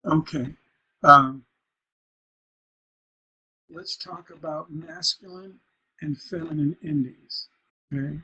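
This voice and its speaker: A man's voice: on the high side, takes it slowly, long pauses, pushed and bright, slightly rough, dull audio. A man teaching a songwriting workshop, explaining line rhythm and chanting nonsense syllables to show where the stresses fall. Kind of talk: workshop lecture.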